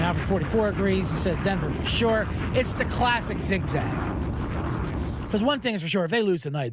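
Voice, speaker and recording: A man hosting a sports betting podcast, talking casually in an animated, profane, rambling way. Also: a little high, heavy background noise.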